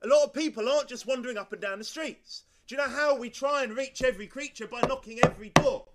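A man's voice: very high voice, fast talker, a bit bright. A male pastor preaching a sermon, emphatic and driving, who repeats his points and fires off rhetorical questions.

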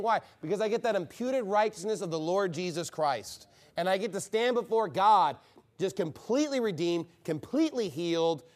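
A man preaching a fiery, combative sermon from the pulpit. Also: sits high. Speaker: pastor.

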